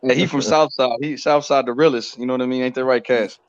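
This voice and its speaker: A man from Houston, relaxed and slangy in a casual group chat. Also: mid-range voice, fast talker, dry recording, lo-fi sound.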